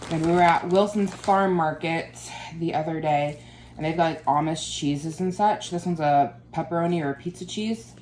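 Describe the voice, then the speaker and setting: Lady vlogging, kinda low voice, rambly and giggly, faint hum behind her. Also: steady tone, normal speed, darkish tone. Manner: chatty, rambling, laughs often. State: out of breath. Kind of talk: casual vlog chat.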